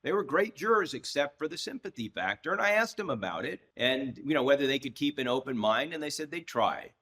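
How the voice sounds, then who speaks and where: A man in his sixties, a trial lawyer, telling a story as a podcast guest, with frequent restarts and lively acted-out dialogue. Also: mid-range voice, fairly quick. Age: 60s. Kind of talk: anecdotal storytelling in a podcast interview.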